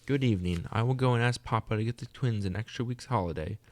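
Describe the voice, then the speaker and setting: A man putting on a gentle young girl. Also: fast, lightly acted. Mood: earnest. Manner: raised pitch, bright and eager.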